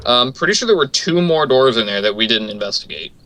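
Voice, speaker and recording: A man's voice: mid-range voice, expressive, fast talker, sharp tone, rough recording. A man playing a tabletop game, talking casually and hesitantly, often restarting his sentences. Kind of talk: casual out-of-character table talk.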